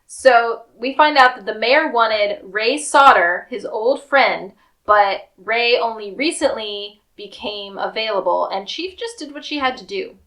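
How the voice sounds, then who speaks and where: A woman's voice: a little high, a little slow, few pauses. A woman co-hosting a podcast, casually recapping a TV episode and acting out the characters' lines with laughs. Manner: animated, acts out quotes with laughs. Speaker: podcast co-host.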